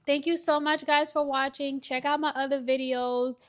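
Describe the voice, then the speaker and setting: A young woman talks straight to her viewers at home, giving relationship advice while she works on a puzzle. Her voice sits a little high, and she speaks in a chatty, emphatic way with slangy turns of phrase. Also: steady tone, normal speed. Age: young adult. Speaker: vlogger. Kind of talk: casual advice chat while doing a puzzle.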